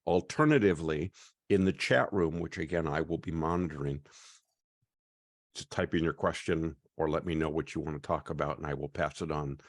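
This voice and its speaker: A man's voice: a bass voice, no echo, studio quality. A man hosting an online class over a video call, chatty and welcoming. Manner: chatty, welcoming, often pauses with "uh".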